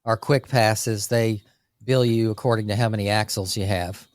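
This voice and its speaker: Energetic man co-hosting a business podcast. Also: lowish voice, no room sound, clean studio sound. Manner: energetic, talks through lists with quick asides. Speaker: podcast co-host, landscape business owner. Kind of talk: casual business podcast chat.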